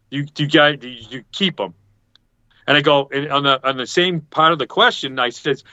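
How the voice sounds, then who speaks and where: Guy rambling thru a story, bright tense voice, acts out everyone he quotes, dull lo-fi call audio. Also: fairly high pitch, no echo. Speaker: podcast panelist. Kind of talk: casual chat storytelling. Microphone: video call.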